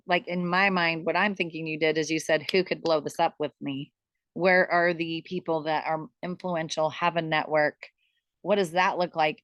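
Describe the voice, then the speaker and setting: A woman hosting a casual team video call, upbeat and encouraging, laughing often as she talks. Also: low voice. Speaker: host of a team business call.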